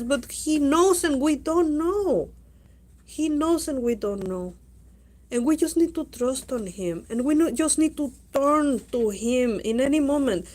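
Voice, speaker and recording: A woman's voice: sits high, a little mellow. A woman with a Spanish accent, a Spanish-speaking teacher giving an earnest, repetitive religious talk in English, with non-native grammar. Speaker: Islamic teacher.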